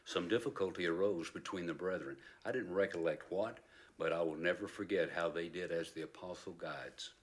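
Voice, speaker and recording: A man reads as a narrator looking back on his childhood in a very deep voice. He tells the story in a measured, reflective way, as if at a dramatic reading. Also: close to an everyday voice.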